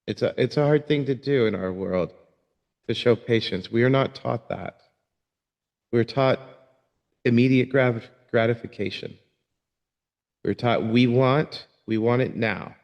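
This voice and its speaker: A male yoga teacher tells a parable in a casual, halting way, often stumbling and repeating his words. His voice sits at an ordinary middle pitch. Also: creaky, lo-fi sound. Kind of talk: casual storytelling talk.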